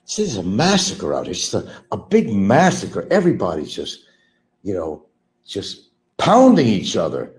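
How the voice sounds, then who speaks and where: Bitter ranting man, wildly swinging pitch. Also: huge pitch swings, normal speed. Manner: bitter, repetitive, mocking, swings from mutters to loud outbursts. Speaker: livestream host. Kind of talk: rambling livestream rant.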